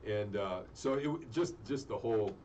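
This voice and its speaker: A middle-aged man talking in a relaxed, rambling way as a guest in casual chat, full of fillers. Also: fairly low pitch, normal speed. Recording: distant dull mic with faint noise.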